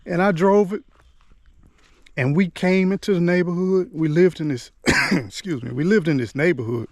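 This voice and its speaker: A man's voice: sits high, normal speed, no room sound. A middle-aged man telling a personal story to the camera, chatty and loose, often dropping in "man" and restarting his words as he remembers. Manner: conversational, drops in "man" and "you know what I'm saying" often; repeats and restarts words as he recalls. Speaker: motivational vlogger.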